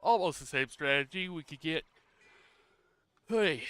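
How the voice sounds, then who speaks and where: A man narrates his moves in a video game as he streams it, in a relaxed, casual way and a little tired. His voice is bright and crisp. The sound is close and dry, with no room echo. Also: on the high side, measured pace. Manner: relaxed, talks through his moves while playing. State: tired, yawning. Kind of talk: casual gameplay commentary.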